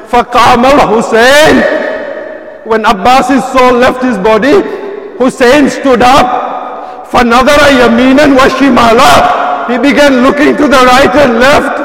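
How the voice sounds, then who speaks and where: A man's voice: very high voice, vocal fry. A man delivering a mournful sermon recitation as a majlis preacher, lamenting and crying out names, his voice breaking with sobs. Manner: lamenting, calls out names in a rising cry. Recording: echoey hall with long reverb.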